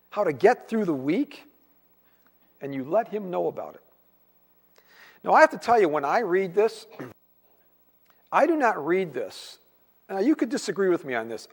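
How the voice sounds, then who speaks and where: A man preaching a conversational sermon as pastor, acting out quoted voices as he goes. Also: high-pitched. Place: church sanctuary. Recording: long church hall reverb.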